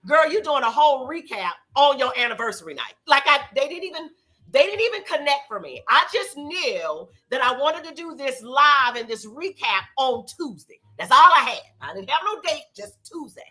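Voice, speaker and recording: Middle-aged woman host, chatty and sassy, very animated intonation. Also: high-pitched, moderate pace. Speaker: show host. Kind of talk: casual live recap show.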